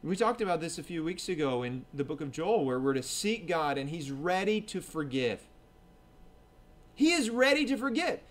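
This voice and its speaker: A man preaching a sermon as pastor at a church service, earnest and swinging between emphatic and hushed delivery. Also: fairly high pitch, animated, moderate pace, few pauses.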